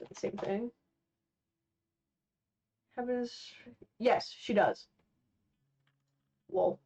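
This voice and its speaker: A woman's voice: on the high side, sing-song, extremely slow, vocal fry, darkish tone, slightly rough. A young woman chatting casually while she draws on a live stream, rambling and filling gaps with "like" and "um". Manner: rambling, heavy on fillers. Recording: dull lo-fi stream mic.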